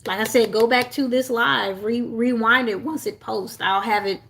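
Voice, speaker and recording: A woman's voice: fairly high pitch, fairly even intonation, moderate pace, creaky, a bit bright. A young woman coaching on self-love in a casual livestream, earnest and encouraging, with lots of fillers and restarts.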